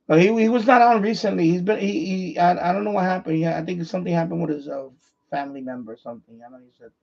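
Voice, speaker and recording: A man's voice: high voice, quick pace, gravelly, dull audio, crowd noise. A man hosting an amateur radio livestream, chatting casually and rambling, often restarting and repeating himself. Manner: repetitive, restarts sentences often.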